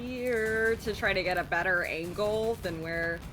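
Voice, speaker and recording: A woman playing a tabletop game, slow and self-mocking as she decides her move. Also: mid-range voice, over music. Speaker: player.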